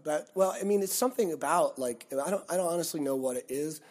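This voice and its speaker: Man, touring musician, casual interview, storytelling, acts out quoted people, lively. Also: on the high side, fast talker. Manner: animated, acts out quoted people in his stories.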